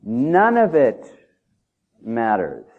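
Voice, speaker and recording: A man preaches in a punchy, talky manner, tossing rhetorical questions at the congregation. His voice sits at an ordinary male pitch. The sound is thin and narrow, like a phone line. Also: wildly swooping pitch, drawn-out words. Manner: emphatic, conversational, with rhetorical questions. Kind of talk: sermon. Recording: tinny phone-like audio.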